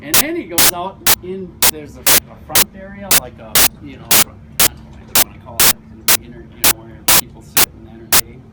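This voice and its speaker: A man's voice: medium pitch, a little fast, hardly any pauses, far from the mic. A man telling a story to friends in a casual, profane way, acting out what people said. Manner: animated, profane, acts out quotes. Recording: loud background noise.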